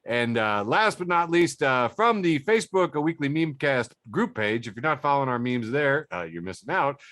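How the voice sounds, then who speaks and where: A man's voice: medium pitch, animated, moderate pace, a bit bright. A man hosting a casual comedy podcast, reading out funny posts and laughing often between them. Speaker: podcast host.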